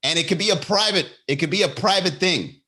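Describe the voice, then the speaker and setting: A man hosting a comedy podcast, telling a story in a loose monologue and jumping into high voices for the people in it. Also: fairly quick. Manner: animated, jumps into high-pitched impressions of people in his stories.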